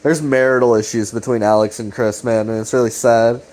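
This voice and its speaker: A man's voice: medium pitch, flat delivery, fairly quick, a little mellow. A young man giving a casual, rambling recap commentary, loose and profane, full of fillers. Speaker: video commentator.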